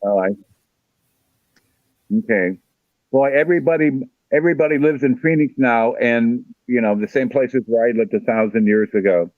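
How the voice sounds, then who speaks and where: Male psychic guest, mid pitch, dull lo-fi audio, dry sound, repetitive and checking in. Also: normal speed, long pauses, no room sound. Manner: repeats himself, says okay a lot. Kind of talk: casual reading.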